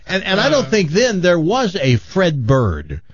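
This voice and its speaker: An older man from Tennessee, hosting a radio show and telling stories in a wry, animated way. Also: high-pitched, unhurried, lo-fi sound, over a noisy crowd. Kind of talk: casual morning show chat.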